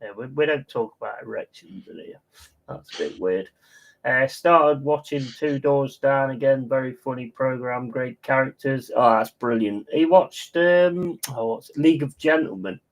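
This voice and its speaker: A man's voice: mid-range voice, moderate pace, no room sound, poor audio. Blunt, sweary man on a watch-along. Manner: blunt, opinionated, swears freely; reads out viewer chat. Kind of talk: casual chat.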